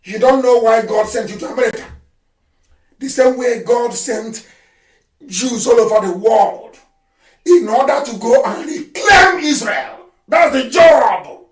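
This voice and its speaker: A fiery, scornful man with a Nigerian accent and a high voice gives a live address, often shouting. He stands well back from the mic in a room that rings with echo. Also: a little slow. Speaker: political activist leader addressing followers. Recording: echoey room, speaker far from the mic.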